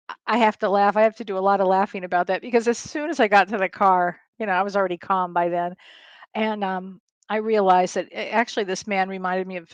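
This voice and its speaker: Chatty and quick to laugh, an older spiritual medium tells stories on a casual livestream from home, often rambling and starting over. Her medium-pitched voice is picked up by a webcam or streaming mic with no room sound.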